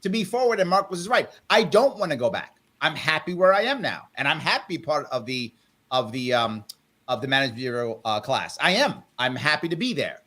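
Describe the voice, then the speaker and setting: A man hosting a live panel talk show by video call, calmly but firmly trying to settle a heated guest. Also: a little high, moderate pace. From South Bronx, New York. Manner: firm, tries to calm a heated guest. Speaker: host.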